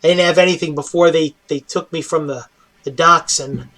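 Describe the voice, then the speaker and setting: A man's voice: on the high side, steady tone, moderate pace, a bit bright, natural voice. A man voicing a weary human prisoner who rambles, hesitates and pleads in a tabletop game.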